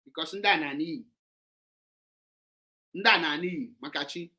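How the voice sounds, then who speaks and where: An impassioned Nigerian man with an Igbo accent runs a heated call-in show and switches between English and Igbo as he speaks. His voice is bright and forceful. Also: a little high, a little slow, pauses often.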